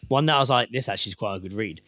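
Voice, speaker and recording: A young man co-hosting a podcast, telling jokes in a deadpan, swearing style. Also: lowish voice, racing, no room sound, studio quality. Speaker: podcast co-host. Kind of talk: casual chat.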